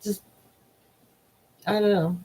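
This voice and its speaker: A woman's voice: mid-range voice, fairly even intonation, slow pace, dark tone, breathy edge, poor audio. A woman in her forties hosting a casual live stream, reading viewer comments and rambling emotionally, often trailing off. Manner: rambling, emotional, trails off with repeated "I don't know". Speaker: livestream host.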